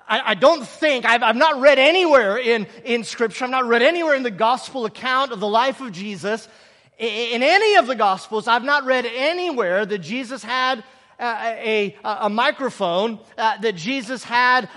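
A man preaches with a very high, ringing voice, hammering each point home and drawing his listeners in with questions. His words trail off into the long reverb of a big hall. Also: pushed and bright. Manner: repetitive, emphatic, draws in the audience. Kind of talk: sermon.

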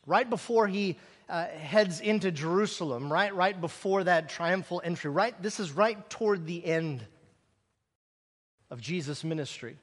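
A man preaching a sermon in an animated way, acting out the scenes he tells and dropping sarcastic asides. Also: high voice, a little slow, big-room sound. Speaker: pastor.

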